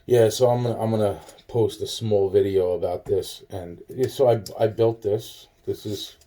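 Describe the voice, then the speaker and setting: Very dark-voiced drunk man rambling. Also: fairly low pitch, fairly even intonation, moderate pace. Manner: rambling, profane, with frequent restarts and fillers. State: tired. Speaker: vlogger. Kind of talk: rambling profane monologue to camera. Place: home kitchen, indoors.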